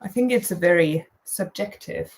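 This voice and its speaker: A woman's voice: fairly low pitch, moderate pace, gravelly, a little mellow. A woman chatting as a guest, thoughtful and hesitant, with a sarcastic streak. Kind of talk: casual chat.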